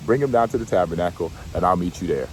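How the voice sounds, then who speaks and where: A man reading bible verses slowly, then paraphrasing them in relaxed, slangy everyday speech. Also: low-pitched, slight background noise. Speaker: bible teacher. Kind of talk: scripture reading with casual commentary.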